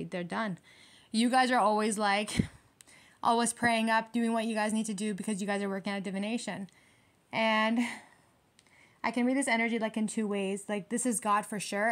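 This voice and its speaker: A young woman doing a casual tarot reading, talking bluntly with heavy swearing and heated emphasis. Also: a little high. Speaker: tarot reader.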